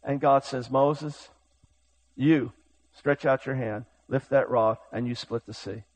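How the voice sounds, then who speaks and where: A man preaching a sermon with urgent, impassioned delivery, swinging from loud exhortation to hushed storytelling. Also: mid-range voice, fairly even intonation, slow, low-quality recording.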